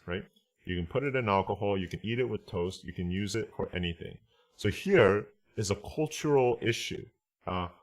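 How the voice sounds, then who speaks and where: A man giving a casual online lesson on translation. He explains step by step, reads Japanese phrases aloud, and keeps checking in with "right?" and "okay?". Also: sits low. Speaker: translation teacher.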